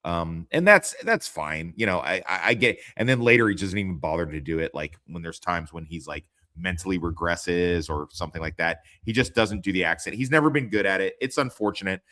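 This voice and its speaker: A man's voice: low-pitched, lively intonation, brisk, hardly any pauses, sharp tone. A man hosting a casual talk about TV episodes, rambling and swearing with many fillers. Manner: rambling, profane, full of fillers. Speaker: host reviewing TV episodes. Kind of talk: casual chat.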